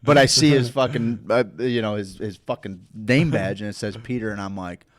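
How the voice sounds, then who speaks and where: A man's voice: fairly low pitch, normal speed, no echo. Profane rambling storyteller guy. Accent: Midwestern American. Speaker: host. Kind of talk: casual storytelling chat.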